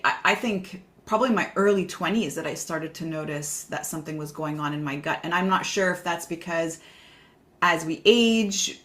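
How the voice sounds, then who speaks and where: A woman hosting a casual podcast interview, reflective and enthusiastic as she asks questions. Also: low voice. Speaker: podcast host.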